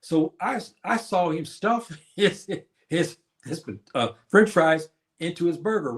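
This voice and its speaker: A man's voice: fairly high pitch, unhurried. A man around seventy chatting casually to viewers on his livestream, rambling and reminiscing with many fillers and restarts. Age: 70s. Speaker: livestream host.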